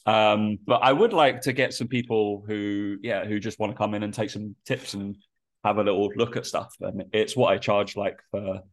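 A man's voice: lowish voice, fairly even intonation, normal speed. A man with a nasal, congested voice, a personal trainer chatting casually on a podcast in a rambling way full of fillers.

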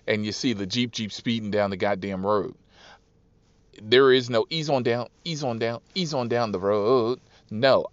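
A man who drives for a rideshare service, telling profane, animated stories about his riders and acting out their voices. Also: medium pitch, no echo. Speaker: rideshare driver and podcast host. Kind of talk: casual storytelling monologue. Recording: dull, dry lo-fi recording.

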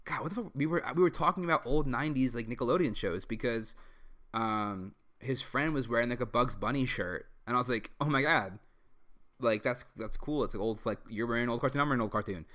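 A young man on a podcast tells a story in loose, casual chat. He rambles with a steady stream of fillers and swearing, and often breaks into laughter. His voice sits at an ordinary middle pitch. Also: fast talker. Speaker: podcast host.

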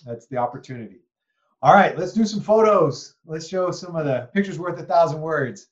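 A man's voice: a little high, expressive, normal speed, highs cut off. A man from East Texas hosting a podcast interview, reflective and rambling, with many asides and tag questions. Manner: reflective, rambling, many "you know"s and "right?". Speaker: podcast host. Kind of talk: conversational interview.

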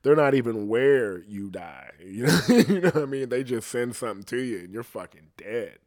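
Profane rambling stand-up comedian. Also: male voice, mid-range voice, expressive, normal speed, darkish tone, no echo, studio quality.

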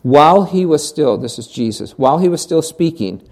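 A preacher delivers a sermon in a mid-range voice, posing question after question to the congregation. Words get doubled as they restart a thought, and the voice often sinks to a hushed, near-whisper to drive a point home. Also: medium pitch, expressive, normal speed. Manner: rhetorical questions, repeats words when restarting. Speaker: pastor.

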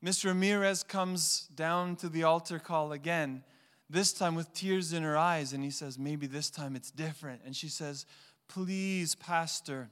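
A man's voice: fairly high pitch, normal speed. A man preaching a sermon as pastor, telling stories and acting out the voices in them. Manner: animated storyteller acting out voices. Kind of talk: sermon with storytelling. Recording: long hall reverb.

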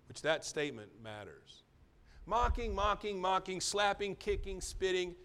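This middle-aged pastor's high-pitched sermon swings widely in pitch at a moderate pace. He sinks into soft, almost whispered asides before building to loud, emphatic repetitions.

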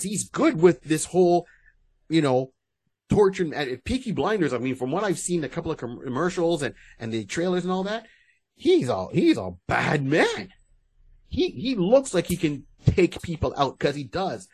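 Husky man in casual podcast chat. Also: on the high side, moderate pace. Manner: animated, rambling with restarts. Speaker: podcast co-host.

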